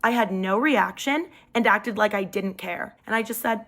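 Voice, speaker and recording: Lively young woman telling a storytime. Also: normal speed, hardly any pauses. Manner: lively, jumps up in pitch for quoted lines. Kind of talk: casual storytime to camera. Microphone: phone mic.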